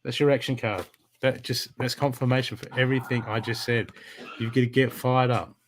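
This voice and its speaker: A man's voice: mid-range voice, steady tone, brisk, slight background noise. Emphatic man giving a spiritual reading. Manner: emphatic, repetitive coaching talk. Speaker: intuitive card reader.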